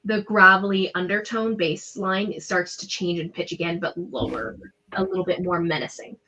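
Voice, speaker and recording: A woman's voice: lowish voice, normal speed, pushed and bright, dull audio. A woman acting as game master, narrating a tabletop game in a descriptive, chatty way with many fillers.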